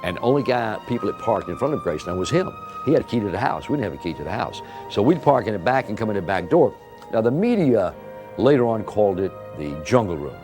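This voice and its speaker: An older man telling stories about an old friend and acting out the quoted dialogue in lively voices. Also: on the low side, fast talker, over music. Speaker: interviewee recalling a friend. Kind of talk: anecdotal storytelling.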